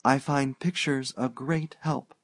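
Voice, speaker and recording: A man reading an audiobook, voicing a composed, reserved older society woman who speaks in a measured, polite, restrained way. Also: mid-range voice, steady tone, voice pushed up. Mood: calm.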